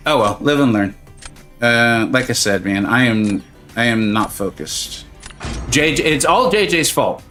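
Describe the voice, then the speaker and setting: Man, game streamer, casual and joking, animated pitch, soft game music behind. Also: unhurried. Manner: chatty, joking, greets viewers by name. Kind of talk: casual live-stream chat.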